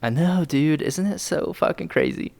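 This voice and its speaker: A man's voice: a little high, moderate pace, vocal fry, darkish tone. A man co-hosting a podcast in casual chat, teasing his friend and swearing freely. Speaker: podcast co-host.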